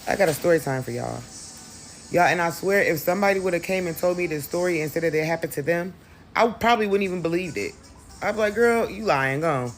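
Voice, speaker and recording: A woman's voice: fairly low pitch, quick pace, faint music behind. A woman telling a storytime vlog in a chatty, emphatic way, talking straight to her viewers. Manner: chatty, emphatic, addresses the audience directly. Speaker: vlogger.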